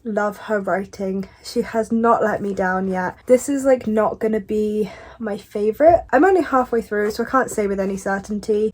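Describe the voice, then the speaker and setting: Woman vlogger, mid-pitched, casual and effusive, book chat. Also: a little mellow. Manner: gushing, chatty, repeats words for emphasis. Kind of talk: casual reading vlog.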